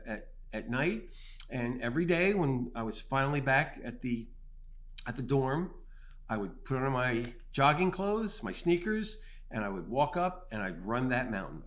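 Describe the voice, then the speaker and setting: A middle-aged man telling a personal faith testimony in an earnest way, swinging from loud bursts to hushed near-whispers. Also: medium pitch. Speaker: storyteller giving testimony.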